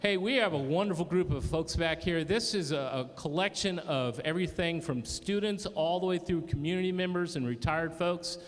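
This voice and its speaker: A man's voice: on the high side, moderate pace, few pauses. A man leading a band, introducing its members to an audience. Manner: upbeat, addressing the audience. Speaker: band leader. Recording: hall reverb with audible crowd and noise.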